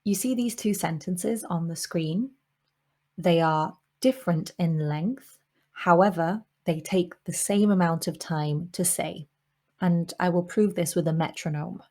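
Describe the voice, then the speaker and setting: Woman teaching English pronunciation clearly. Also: on the low side, mellow. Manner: clear, measured delivery with deliberately slowed example sentences. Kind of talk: scripted explanatory lesson.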